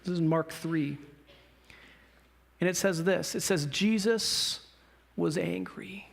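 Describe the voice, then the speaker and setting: A man's voice: high-pitched, takes it slowly, creaky. A man pastor preaching a sermon in a conversational style, with emphatic rises when he speaks for God and the prophets. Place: church sanctuary.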